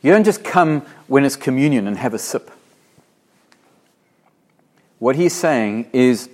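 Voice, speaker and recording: Pastor, male, from Africa, middle-pitched voice; an earnest, emphatic sermon delivery with slowed scripture readings. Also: sing-song, darkish tone. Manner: earnest, emphatic, slows and swells when quoting scripture.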